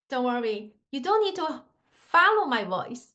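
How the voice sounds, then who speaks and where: A woman's voice: high voice, very animated, normal speed, bright, forceful tone, lo-fi sound. A woman teaching a Mandarin lesson in simple non-native English, patiently demonstrating tones with sung scales. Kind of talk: online language lesson.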